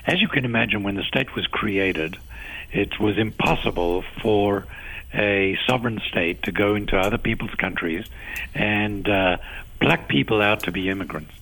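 A man with a South African accent, a guest on a radio interview, answering in a measured, explanatory way and laying out his points one by one. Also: lowish voice, pushed and bright, low-quality recording. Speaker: guest, agency official.

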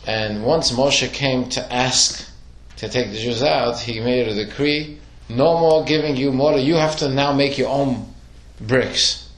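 A man's voice: mid-range voice, a little slow, hardly any pauses, a bit bright. A man teaching a Torah lesson to a class, asking questions and telling stories with acted-out quotes. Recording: echoey room.

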